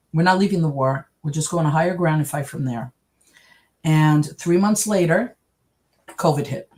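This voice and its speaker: A middle-aged woman with a slightly low voice tells a personal story in a casual interview. She is animated and acts out what others said. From New York. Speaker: interview guest.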